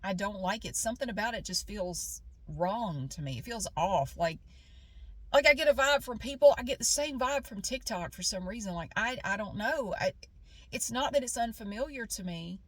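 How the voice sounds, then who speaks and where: A woman's voice: mid-range voice, expressive, normal speed, fairly bright tone, no room sound. Candid woman vlogger thinking aloud. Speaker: YouTube creator. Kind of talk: casual talk to camera.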